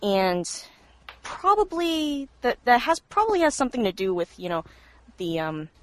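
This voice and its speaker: A woman's voice: fairly high pitch, sing-song, moderate pace, poor audio. A woman co-hosting a podcast in casual chat, dropping dry, teasing remarks. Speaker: podcast co-host.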